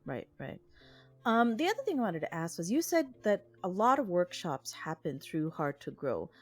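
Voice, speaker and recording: A woman's voice: lowish voice, big pitch swings, normal speed, slightly rough, soft background music. A woman hosting a podcast interview, asking questions in a hesitant way as she searches for words. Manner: hesitant, searching for words with fillers, brief backchannels. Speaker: podcast host.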